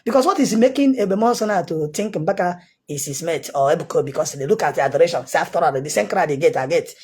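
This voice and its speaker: A man's voice: a little high, lively intonation, quick pace, a little mellow, husky. A man with a Nigerian accent, a self-styled prophet, giving a heated, insistent commentary monologue that circles back on its points.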